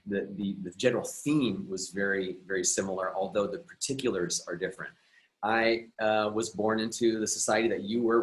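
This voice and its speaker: Low-voiced man telling his story. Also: low-quality recording. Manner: earnest, reflective, with frequent restarts. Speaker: guest, emotional and relationship coach. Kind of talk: personal storytelling in conversation.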